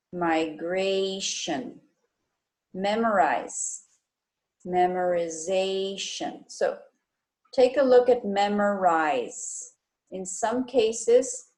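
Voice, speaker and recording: A woman teacher with a Guatemalan Spanish accent, slowly and patiently explaining spelling and word stress in a recorded online lesson. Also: medium pitch, darkish tone, rough recording. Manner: slow, patient, repeats words to model stress.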